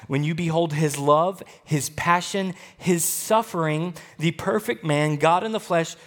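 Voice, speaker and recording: Pastor guy preaching, high voice, goes loud then real hushed. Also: a little slow, hardly any pauses. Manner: expressive preaching, swings between loud and hushed. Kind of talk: sermon.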